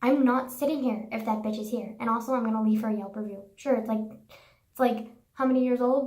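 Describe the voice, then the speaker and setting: A woman's voice: a little high, moderate pace, dark tone. Profane, ranting young woman in an echoey room. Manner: profane, sarcastic, says "like" constantly. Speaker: vlogger. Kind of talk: casual ranting monologue.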